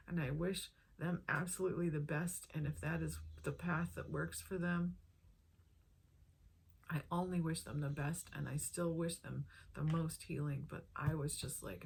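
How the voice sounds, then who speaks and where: A woman's voice: sits low, steady tone, a little slow, gravelly, a little mellow, slightly rough. A woman vlogger sharing a personal health testimony in an earnest, heartfelt way, drawing out her phrases.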